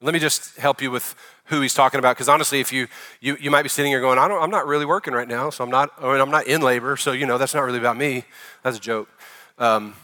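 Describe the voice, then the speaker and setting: A man preaching a sermon to a congregation as pastor, in a conversational way with jokes and asides, slowing down and softening when he reads scripture. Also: mid-range voice, steady tone. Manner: reads scripture slowly and softly, prays quietly. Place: church sanctuary before a congregation.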